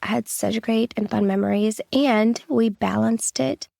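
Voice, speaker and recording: A woman in her thirties tells personal stories on her podcast, candid and reassuring, with "like" scattered through her speech. Her voice has a gravelly, fried edge. The recording is dry and close, with no room sound. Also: on the high side, steady tone, a little slow, mellow, dry recording. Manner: candid, reassuring, with many "like" fillers. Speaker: podcast host.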